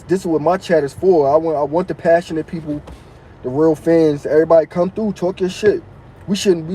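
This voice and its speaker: A man's voice: a little high, dark tone, a little hiss or hum, low-quality recording. A man hosting a casual live stream, reading viewers' comments aloud and answering them in loose, slangy street talk.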